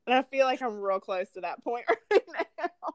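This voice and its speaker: A woman's voice: a little high, expressive, moderate pace, no room sound. A woman co-hosting a casual chat, a teacher who talks in a chatty way and laughs often. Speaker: podcast co-host.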